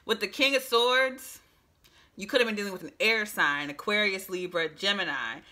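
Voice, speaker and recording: A woman giving a casual, emphatic psychic tarot reading, talking straight to the viewer with frequent restarts and a slightly hoarse voice. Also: mid-range voice, normal speed, bright, forceful tone. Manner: chatty, emphatic, restarts often. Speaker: tarot reader.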